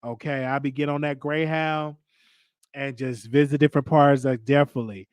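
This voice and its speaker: A man's voice: mid-range voice, steady tone, fairly quick, clean tone, no room sound. A young adult man from Chicago with a Chicago accent, hosting a casual solo chat, rambling and stammering as he repeats himself. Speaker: show host.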